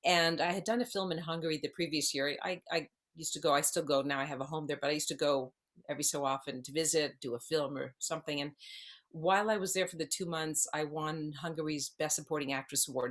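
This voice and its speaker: A woman's voice: sits low, steady tone, quick pace. A woman around sixty, an actress guest, telling her story in a rambling way and circling back to where she began. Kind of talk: casual interview storytelling.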